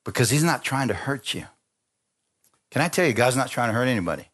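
A man's voice: mid-range voice, a little fast. A middle-aged man preaching a sermon, telling personal stories and acting out the voices in them. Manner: animated storytelling, acting out voices. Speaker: pastor.

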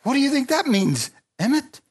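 A man preaching a sermon, telling stories with lively energy, stopping often to restart phrases and calling for amens. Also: very high voice, normal speed, husky. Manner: animated storytelling with frequent restarts and calls for amen.

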